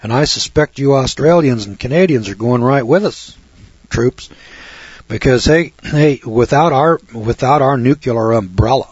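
A man's voice: mid-range voice, a little slow, a little mellow, breathy edge, dry recording. A man preaching in a blunt, folksy monologue, speaking straight to his listeners as a radio preacher and commentator. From United States. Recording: dull lo-fi dry recording.

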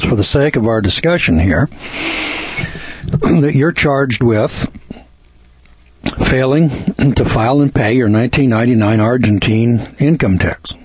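A man's voice: mid-range voice, a little mellow, slightly rough, dry recording, dull audio. A man giving a folksy, lecturing talk on legal procedure to listeners, acting out courtroom exchanges.

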